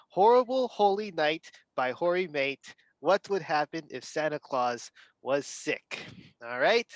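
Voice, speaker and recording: A man's voice: mid-range voice, fairly bright tone, no room sound. A man hosting an online talk, introducing the next speaker with hesitant fillers over a video call. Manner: hesitant, filler uh before names. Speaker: event host.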